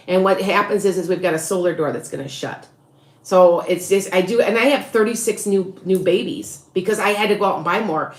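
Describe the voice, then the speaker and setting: A woman's voice: medium pitch, reverberant. A middle-aged woman hosting a casual livestream from her rural home, rambling and frustrated, sighing often and restarting her sentences. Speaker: livestream host.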